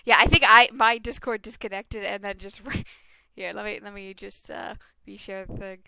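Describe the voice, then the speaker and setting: A woman's voice: mid-range voice, steady tone, moderate pace, vocal fry, bright, forceful tone, slight background noise. A woman hosting a game playthrough, chatting casually and giggling often. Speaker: let's play host. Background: game music.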